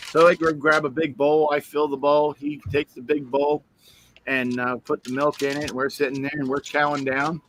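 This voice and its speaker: A man with a bright, forward voice tells a rambling anecdote on a stream call. He acts out the people in it with quick voice changes. Faint hiss sits under the line. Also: a little high. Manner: animated storyteller, voices the people in his anecdote. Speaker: stream guest. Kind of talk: casual chat.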